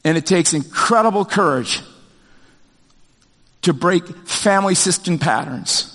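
An older man preaching a sermon as pastor, talking in a conversational, animated way with many fillers and restarts. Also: sits high, a little slow, long reverb tail.

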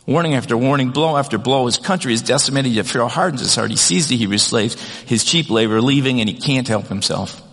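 A man's voice: mid-range voice, a little fast, hardly any pauses, a bit bright, in a large hall. A man delivering a sermon as pastor, talking in a conversational way with frequent restarts and reading scripture aloud. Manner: conversational preaching with many restarts and "kind of".

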